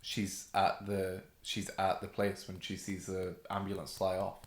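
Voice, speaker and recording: A man co-hosting a podcast, casually chatting about TV with quick replies and self-mocking remarks. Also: sits low, completely flat delivery. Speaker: podcast co-host. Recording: roomy echo.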